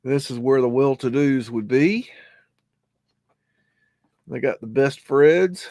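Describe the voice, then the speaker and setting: A rambling man with a drawl talks through pictures in a loose, unhurried way, his voice sitting at an ordinary middle pitch. The sound is close and dry, with no room around it. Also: dark tone, no room sound. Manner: rambling, scolds his dog in a rough drawl. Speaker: host of a live stream. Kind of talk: casual live commentary over old photos.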